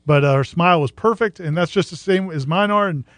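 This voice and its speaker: A man co-hosts a sports talk show, talking quickly and energetically. His voice sits high. The sound is dry and close. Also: no room sound. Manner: rapid, energetic, pitches sponsor. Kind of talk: casual sports chat with ad reads.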